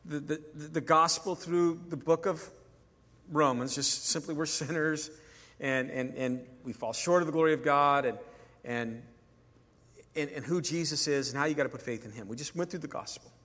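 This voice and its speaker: Male pastor, sermon, chatty storyteller, slightly high voice, long reverb from the hall. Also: normal speed, a bit bright. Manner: conversational, acts out dialogue when telling stories.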